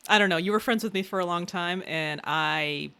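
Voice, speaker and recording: A woman with a slightly low voice chats casually as a podcast guest. She talks in loose, filler-heavy runs and laughs a lot. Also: moderate pace, creaky, bright, forceful tone, clean tone. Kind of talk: casual chat.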